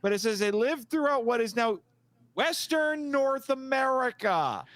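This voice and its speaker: A man's voice: very high-pitched, animated, a little slow, fairly bright tone, dry recording. A man co-hosting a podcast, chatting casually and meandering, laughing easily. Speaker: podcast co-host.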